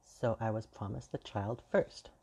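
A stern, cold white queen, read by a gravelly man. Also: lowish voice, unhurried, a little mellow, heavily acted.

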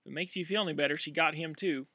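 A man's voice: on the high side, rapid-fire, sharp tone, dry recording. A man voicing a tearful, anxious young woman in a storybook reading. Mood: apologetic. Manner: anxious, pleading.

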